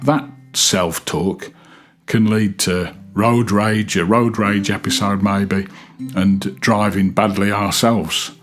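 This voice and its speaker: A man hosting a casual self-help chat, talking gently with rambling pauses and restarts. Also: lowish voice, gravelly. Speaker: podcast host.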